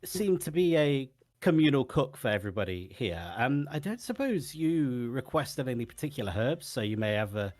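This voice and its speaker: A man's voice: mid-range voice, sing-song, moderate pace, darkish tone, dry recording, clean studio sound. Polite, diplomatic man player. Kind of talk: tabletop role-play.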